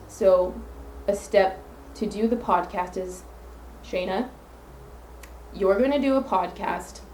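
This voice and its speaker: A woman hosts a solo podcast, sincere and earnest, rambling with self-affirmations. Her voice is medium-pitched and darkish, recorded on a phone mic in an echoey room with a faint hum.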